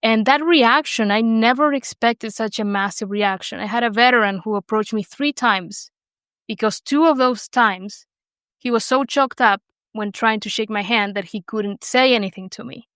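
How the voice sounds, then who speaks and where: Woman, Argentine accent, Spanish native speaker, young adult, smooth clear voice, dry close sound, chatty interview guest. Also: a little high, normal speed, no echo. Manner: animated storytelling with frequent fillers and restarts. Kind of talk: conversational interview.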